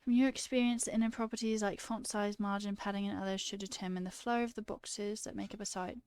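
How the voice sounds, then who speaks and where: A woman's voice: mid-range voice, steady tone, fast talker, darkish tone, smooth, dry recording. A woman streamer chatting casually with her viewers while coding, self-mocking and swearing freely.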